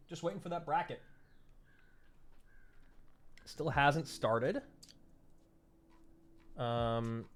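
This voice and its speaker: A man's voice: medium pitch, gravelly. Chatty man streaming esports. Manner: chatty, answers chat, jokes about himself. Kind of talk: casual live-stream chat.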